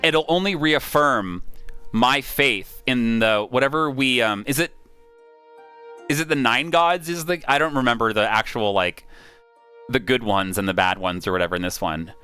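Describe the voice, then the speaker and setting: An excitable male streamer with a bright, forceful voice, thinking aloud as he plays and reads out the story. He talks casually and swears freely, with faint background music. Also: medium pitch, normal speed, clean tone. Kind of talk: live-streamed game play with narration.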